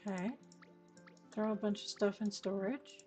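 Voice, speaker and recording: A woman streaming a cozy game late at night, murmuring slowly to herself as she plays. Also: mid-range voice, little pitch movement, a little mellow. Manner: slow, murmured talk to herself. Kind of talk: casual gameplay commentary. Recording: faint background music.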